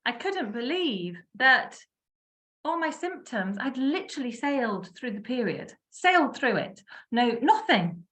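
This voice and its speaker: A woman in her fifties telling her own health story in a casual, animated way, laughing often and acting out what she once said. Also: high voice, unhurried. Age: 50s. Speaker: wellness speaker sharing her story. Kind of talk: casual testimonial talk.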